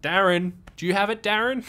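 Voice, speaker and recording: A man's voice: high-pitched, normal speed, pushed and bright, voice pushed up. A man voicing a panicking male Australian worker who has lost something important, with a broad Australian accent and crude, swearing talk. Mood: panicked.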